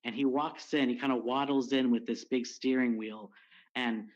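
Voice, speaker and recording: Rambling, self-mocking male caller, mid pitch, muffled lo-fi call audio. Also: fairly even intonation, moderate pace. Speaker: stream caller. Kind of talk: casual chat.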